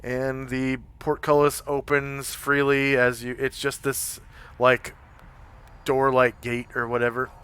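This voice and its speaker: A man acts as game master and talks the players through the scene at an unhurried pace, often pausing on fillers. His voice is bright and clean. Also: mid-range voice, monotone, clean tone. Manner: hesitant, full of fillers. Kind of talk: describing scenes in a tabletop game. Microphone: home microphone on a live stream.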